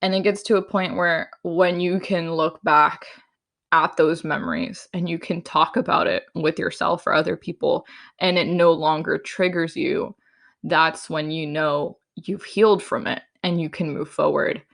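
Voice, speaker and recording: A woman's voice: deep voice, steady tone, a little slow, vocal fry, fairly bright tone. A young woman hosting a solo podcast, chatting frankly and casually, full of fillers, sometimes acting out her own inner voice. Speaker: podcast host.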